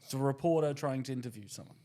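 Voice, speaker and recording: A man's voice: medium pitch, rapid-fire, mellow. A man co-hosting a crude comedy podcast, reading out jokes, swearing and laughing at his own punchlines. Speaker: podcast co-host.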